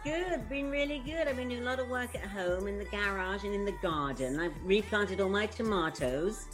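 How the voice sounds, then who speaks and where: A woman panelist chatting in an upbeat, quick way. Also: medium pitch, lively intonation, over music. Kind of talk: casual chat.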